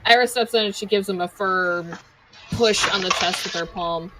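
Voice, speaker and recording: A woman playing a tabletop game, describing her character's actions in a giggly, relaxed way. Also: mid-range voice, normal speed, over music, rough recording. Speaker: player. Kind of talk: casual tabletop play.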